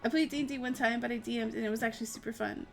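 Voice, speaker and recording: A woman's voice: fairly high pitch, steady tone, racing, vocal fry, faint music behind. A young adult woman streaming live, chatting casually with viewers in a giggly, rambling way and swearing freely. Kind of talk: casual chat while answering viewer questions.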